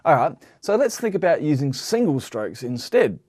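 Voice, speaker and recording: A man's voice: a little high, very animated, moderate pace, darkish tone. A man giving a patient, explanatory drum lesson, counting out sticking patterns and often checking in with the listener. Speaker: drum teacher. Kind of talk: instructional lesson.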